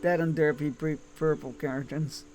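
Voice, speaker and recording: A man's voice: on the high side, steady tone, moderate pace, over music. A man streaming a strategy game live, reading the card text aloud and joking with chat, swearing now and then.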